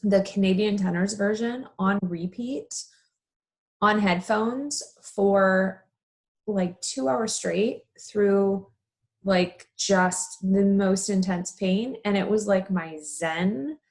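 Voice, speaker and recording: A woman in her thirties, a funeral director, chatting casually and telling stories with lively, expressive swings. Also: medium pitch, slow pace. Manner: animated, expressive storytelling. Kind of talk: casual chat over wine.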